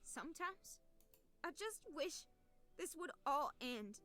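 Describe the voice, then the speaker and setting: A woman voicing an anxious, devout young woman in a game, nervous and quick to protest. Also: sits high, expressive. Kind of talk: video game voice acting.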